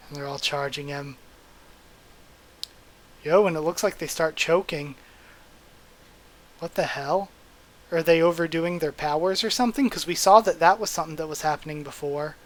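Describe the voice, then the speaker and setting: A young man doing an excited, hyped manga readthrough with casual commentary. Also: on the high side, moderate pace, long pauses. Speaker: YouTube reader.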